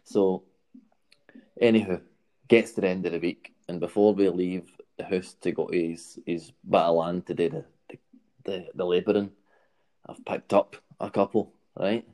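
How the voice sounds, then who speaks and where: A Scottish man tells a story in a loose, rambling way, checking in with his listener as he goes. His voice is very low and mellow, with a soft, dark tone. It sounds like an easygoing podcast chat. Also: steady tone, moderate pace. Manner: rambling anecdotal delivery with frequent "right?" and laughs.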